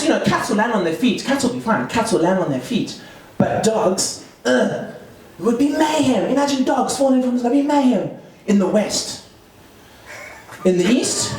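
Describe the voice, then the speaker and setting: A man's voice: very high voice, noisy background. A man in his thirties with a South African accent, performing a rambling stand-up comedy set full of fillers and restarts. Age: 30s. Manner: rambling, self-interrupting delivery with many fillers. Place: comedy club open mic. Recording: echoey room mic from far off with crowd laughter. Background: audience laughter.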